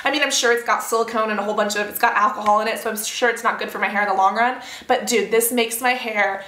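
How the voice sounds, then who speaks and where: A beauty vlogger in her twenties talks fast, her voice a little high, pushed and bright, with fairly even intonation. She chats in a bubbly, rambling vlog style about her hair products, full of fillers and asides, recorded in a roomy, echoey home room.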